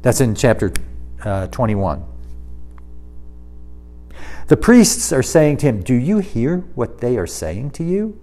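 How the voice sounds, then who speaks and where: Lively male preacher, animated delivery. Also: mid-range voice, slow pace, long pauses. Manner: lively, emphatic preaching with dramatized quotes. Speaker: pastor. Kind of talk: sermon.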